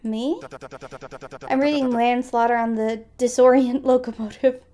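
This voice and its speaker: A shy young bookworm from a story game stammers and rambles in a high, eager voice, as a woman plays her. She trips over her words and keeps apologizing for talking too much. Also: steady tone, unhurried, mellow, natural voice.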